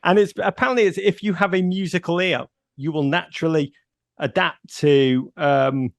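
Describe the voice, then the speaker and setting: A man's voice: fairly high pitch, fairly even intonation, moderate pace, dry recording, clean studio sound. A middle-aged man with a Northern English accent, chatting as a radio guest and telling stories with playful self-mockery. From north of England. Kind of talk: casual radio chat.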